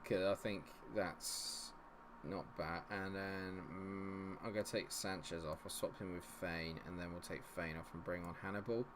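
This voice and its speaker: A man's voice: sits low, fairly even intonation, measured pace, noisy background. A young man streaming a football management game, chatting to viewers and swinging between cheering goals and fretting over results. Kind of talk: live stream commentary.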